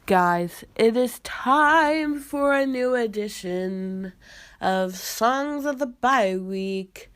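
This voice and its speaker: A woman's voice: fairly high pitch, expressive, extremely slow, a bit bright, no room sound. A young adult woman hosting her own podcast, chatting casually and gushing, with lots of fillers and little laughs. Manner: gushing, filler-heavy, giggly. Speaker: podcast host. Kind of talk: casual chat.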